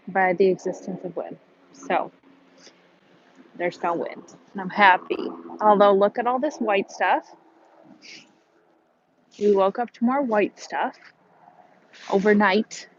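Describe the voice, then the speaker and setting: A chatty woman with a Midwestern American accent talks slowly and easily on a live stream from a harbor. She greets her viewers by name and laughs between thoughts. The phone audio sounds a little dull, with a faint hiss behind her. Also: mid-range voice. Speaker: vlogger hosting a live stream. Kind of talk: casual live-stream chat. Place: outdoors by a harbor.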